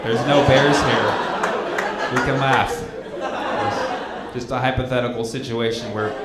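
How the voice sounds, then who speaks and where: Man joking over a loud club crowd. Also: medium pitch, echoey room, very noisy. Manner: playful, coaxing the crowd. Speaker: stand-up comedian. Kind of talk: stand-up set. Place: comedy club stage.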